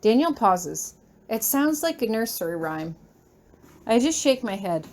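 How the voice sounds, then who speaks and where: A woman reading first-person fan fiction aloud in a lively, chatty, expressive way. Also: fairly high pitch, unhurried, a little hiss or hum. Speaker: reader.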